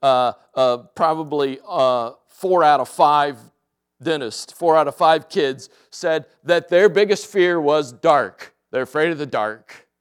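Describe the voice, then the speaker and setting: A male pastor with a slightly raised pitch delivers a sermon at an unhurried pace. His voice is smooth and clear, and he shifts from easygoing storytelling to soft, deliberate points. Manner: relaxed storytelling that drops to soft, slow emphasis. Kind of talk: sermon with personal anecdote.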